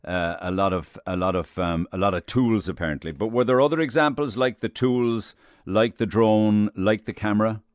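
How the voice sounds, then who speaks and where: An Irish man hosting a podcast, asking calm, probing follow-up questions. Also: lowish voice, moderate pace, no echo, clean studio sound. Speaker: podcast host, interviewer. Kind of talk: interview questions.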